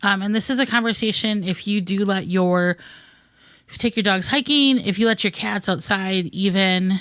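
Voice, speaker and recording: Wisconsin woman cohost, smooth clear voice, dry close mic, explains stuff casually. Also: medium pitch, moderate pace, no room sound. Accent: Upper Midwest American. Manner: explanatory, lively, trails off to softer ends. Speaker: co-host of a gardening radio show. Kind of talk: casual radio chat.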